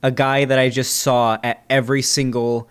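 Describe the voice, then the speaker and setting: A man's voice: mid-range voice, little pitch movement, moderate pace, smooth. A man hosting a casual commentary show, tossing off sarcastic, exasperated asides. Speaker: host reviewing debates.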